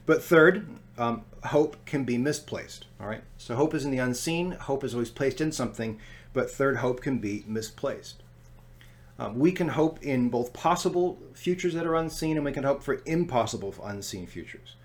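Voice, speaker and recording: A man preaching a sermon in a relaxed, conversational way, with asides and filler words. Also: medium pitch, normal speed. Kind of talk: sermon teaching on scripture. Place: lives in Scotland.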